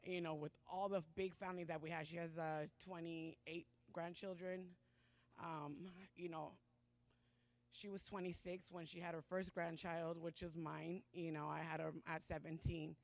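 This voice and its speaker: A woman's voice: lowish voice, level tone. Emotional woman giving church testimony. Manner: halting and emotional, many pauses and fillers. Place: church Sunday service.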